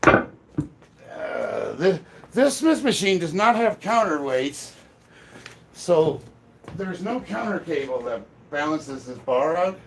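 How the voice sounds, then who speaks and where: A man's voice: a little high, sing-song, takes it slowly, vocal fry, long pauses, slight background noise. A middle-aged man, a strength athlete, chatting casually on a livestream from his home gym, thinking aloud and bluntly with some swearing. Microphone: camera set up across the room.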